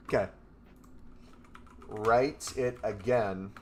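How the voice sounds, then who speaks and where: A man's voice: on the low side, moderate pace, long pauses, a little hiss or hum. A man in casual chat, playful and amused, giving spoken prompts to an AI. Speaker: gaming content creator.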